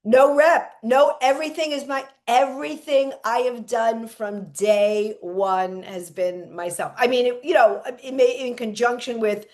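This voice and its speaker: A woman's voice: on the high side, unhurried, few pauses, a little mellow. Chatty woman hosting a talk show. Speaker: podcast host and comedian. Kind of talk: casual interview chat.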